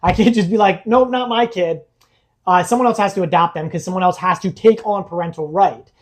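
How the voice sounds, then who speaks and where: Earnest man telling a personal story. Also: high-pitched. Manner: earnest, halting, with many fillers and restarts. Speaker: podcast guest.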